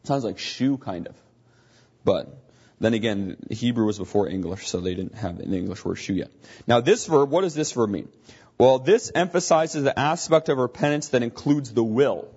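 A man with a husky, slightly breathy voice teaches a Bible lesson at an ordinary pitch. He explains as he goes, often stopping to restart a phrase. The recording sounds dull and lo-fi. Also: expressive, normal speed, a little mellow. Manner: explanatory, thinking aloud with frequent restarts.

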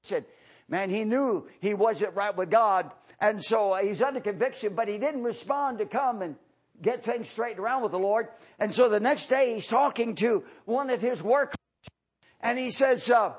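A man preaching a revival sermon who swings between fervent shouted highs and low, hushed passages. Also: normal speed, breathy edge.

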